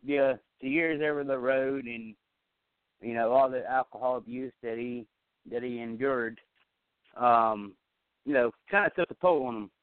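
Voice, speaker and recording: Man on the phone agreeing, lots of ums, smooth voice, thin dry sound. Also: medium pitch, dry recording, phone-quality sound. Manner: agreeable, halting with many fillers.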